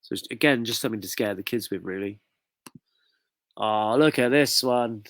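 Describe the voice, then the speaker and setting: A man's voice: fairly low pitch, normal speed, long pauses, a bit bright, no echo. A man from the UK hosting a casual live quiz, jokey and chatty as he reads out viewers' comments. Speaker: quiz host.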